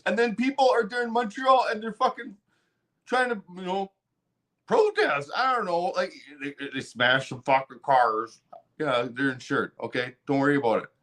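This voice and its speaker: A man's voice: high voice, expressive, moderate pace, fairly bright tone. A man hosting a podcast, ranting heatedly with constant swearing and repeated words. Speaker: podcast host. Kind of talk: profane political rant.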